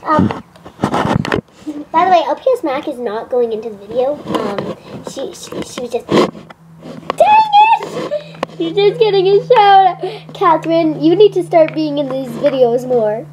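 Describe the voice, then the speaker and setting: A woman's voice: sits high, lively intonation, normal speed, very noisy. A young girl playfully hosting a toy cooking video with a friend, giggly and bossy. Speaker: video maker.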